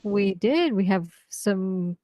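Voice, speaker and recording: A woman's voice: medium pitch, lively intonation, slow, warm tone, no room sound. Woman co-host reading out donations.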